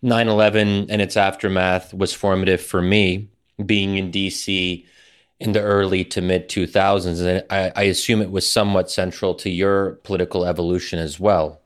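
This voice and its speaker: A man's voice: sits low, little pitch movement, normal speed, smooth. A man in his forties hosting a podcast interview, asking long, thoughtful questions with occasional restarts. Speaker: podcast host. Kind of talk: interview conversation.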